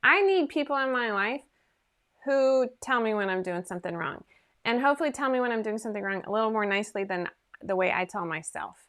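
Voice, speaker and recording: A woman's voice: fairly high pitch, animated, brisk, a bit bright. A woman hosting a casual sewing livestream from her home sewing room, chatting in a rambling, self-deprecating way into her computer microphone.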